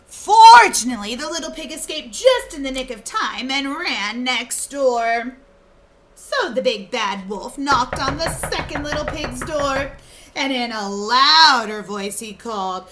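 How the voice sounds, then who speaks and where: A woman reading a storybook aloud to children like a teacher, expressive, and pausing to ask them questions. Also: a little high, a little hiss or hum. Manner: expressive, asking the listeners questions.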